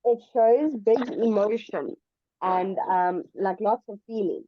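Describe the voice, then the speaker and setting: A woman's voice: fairly high pitch, expressive, slow, dry recording, dull audio. A woman tutoring English one-on-one over a video call, explaining patiently with examples. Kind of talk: one-on-one online English lesson.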